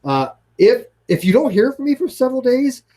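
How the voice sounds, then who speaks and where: A man in casual livestream chat, excitable and profane, often restarting his sentences. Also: very high voice, fairly quick.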